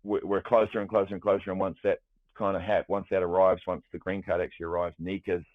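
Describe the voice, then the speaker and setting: Deep-voiced New man on a tinny line. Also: fast talker, no echo. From New Zealand. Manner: animated, rambling with restarts, swears freely. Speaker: guest, music producer. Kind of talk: casual chat. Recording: dry, tinny phone-like sound.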